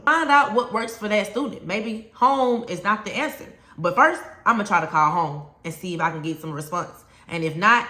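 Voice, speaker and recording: A teacher trainer with a Southern US accent speaks to camera, coaching teachers on classroom respect in an emphatic, plain-spoken way. Her lowish voice is bright and carries well, and the room has a noticeable echo.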